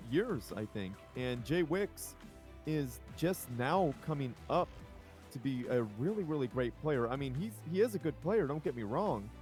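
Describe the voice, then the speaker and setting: A man's voice: fairly high pitch, darkish tone. Brief: male co-caster on a voice call, rambling and upbeat, faint music underneath. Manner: rambling, enthusiastic, self-correcting. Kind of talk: casual live-stream casting chat. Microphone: home microphone over an online voice call.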